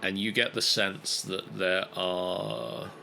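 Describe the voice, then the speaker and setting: A man narrating a tabletop game as game master, unhurried and gently amused. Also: deep voice, little pitch movement, creaky, rough recording.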